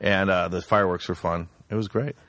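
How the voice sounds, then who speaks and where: A man's voice: deep voice, fairly even intonation, brisk, fairly bright tone. A hungover man from Wisconsin chatting casually, swearing freely and telling stories. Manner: profane, storytelling, mimics voices. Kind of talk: casual chat.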